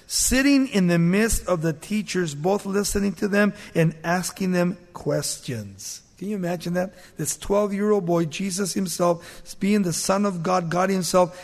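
A male pastor preaching a sermon, reading scripture aloud with rising force and dropping to quiet, conversational asides. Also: moderate pace, few pauses. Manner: reads scripture louder and higher, drops soft for asides. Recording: long hall reverb.

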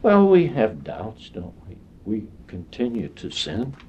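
A man preaching a sermon in a slow, deliberate way, with long pauses between phrases. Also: fairly low pitch, wildly swooping pitch, slightly rough. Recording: dull lo-fi sound.

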